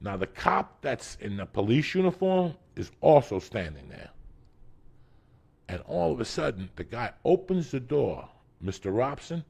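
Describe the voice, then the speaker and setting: Gravelly, profane storytelling man. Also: mid-range voice, very animated, measured pace. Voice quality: gravelly, husky. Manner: profane, acts out quotes with shifting loud voices. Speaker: storytelling podcast guest. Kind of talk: animated comedic storytelling.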